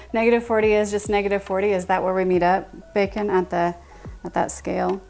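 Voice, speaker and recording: A woman's voice: mid-range voice, level tone, a little fast, creaky, darkish tone, soft background music. Chatty woman baking on a livestream. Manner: chatty, reads and answers chat aloud, laughs often. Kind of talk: casual live-stream chat while baking. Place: home kitchen.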